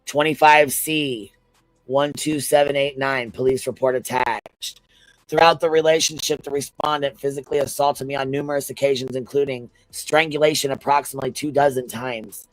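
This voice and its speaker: A man's voice: medium pitch, dry recording, poor audio. A man on a livestream panel reading a legal filing aloud, breaking off into blunt, profane, incredulous asides.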